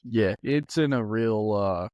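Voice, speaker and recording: A man's voice: fairly low pitch, takes it slowly, no echo, dull audio. A man in his thirties co-hosting a podcast in a studio, telling stories in a laid-back way and laughing often. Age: 30s. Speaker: podcast co-host. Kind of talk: casual chat. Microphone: studio mic.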